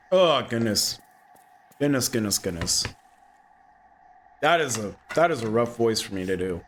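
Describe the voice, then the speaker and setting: Animated, playful male game streamer. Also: lowish voice, normal speed, pauses often, slight background noise. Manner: playful, reactive, chatty. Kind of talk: casual gameplay commentary.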